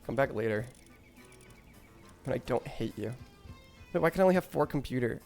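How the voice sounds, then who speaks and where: A man's voice: mid-range voice, lively intonation, normal speed, creaky, a little mellow, faint music behind. Rambling, stammering male streamer. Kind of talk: crude casual stream chat.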